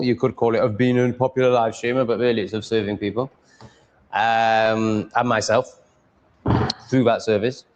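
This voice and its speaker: A man chatting casually on a live stream, mumbling and rambling, swearing freely and reading chat aloud. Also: mid-range voice.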